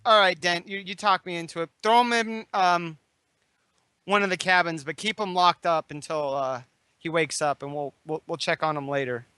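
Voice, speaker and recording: A man's voice: fairly high pitch, moderate pace, sharp tone, clean tone, no echo. A man playing in a tabletop game, chatting casually and reacting eagerly. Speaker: player.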